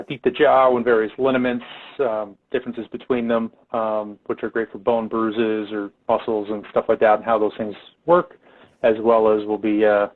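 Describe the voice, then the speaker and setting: A male podcast host introducing a guest, talking haltingly with many "uh" fillers. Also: mid-range voice. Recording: tinny phone-like line.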